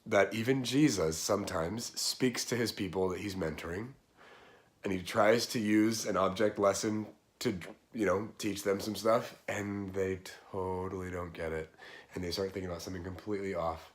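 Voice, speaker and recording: A man casually explaining a Bible passage in a relaxed, chatty way. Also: low voice, normal speed. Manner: relaxed, conversational, chatty slang. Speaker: Bible teacher.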